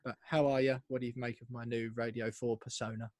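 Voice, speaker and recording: A man's voice: medium pitch, little pitch movement, fast talker, no room sound. A man hosting a casual podcast, upbeat and jokey as he presents. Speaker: podcast host.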